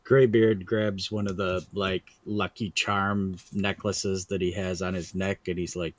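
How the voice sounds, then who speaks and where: Deep-voiced man playing a tabletop game. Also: little pitch movement, unhurried, few pauses, dry recording. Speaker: player. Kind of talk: casual tabletop play.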